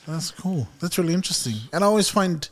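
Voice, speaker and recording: A man's voice: high-pitched, quick pace, a bit bright. A man hosting a podcast who asks hesitant, searching questions full of fillers in casual chat. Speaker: podcast host.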